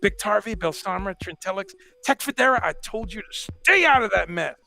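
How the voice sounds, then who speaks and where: A man's voice: high voice, expressive, fairly quick, creaky, sharp tone, pitched above the performer's own voice, full character voice. Man doing a sing-song scolding parent. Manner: sing-song, exaggerated roll call. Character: scolding parent calling unruly kids. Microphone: video call.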